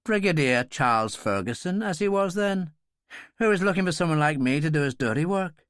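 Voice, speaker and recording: A man's voice: on the high side, expressive, a little fast, fairly bright tone, clean tone, dry recording, voice pushed up. A man voicing a seasoned middle-aged pilot who talks with dry, wry humor.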